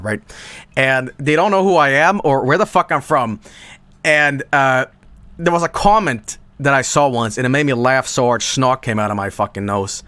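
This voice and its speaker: A man's voice: mid-range voice, a bit bright, no room sound. A man with a thick Swedish accent rambling casually to his stream chat, profane and full of asides.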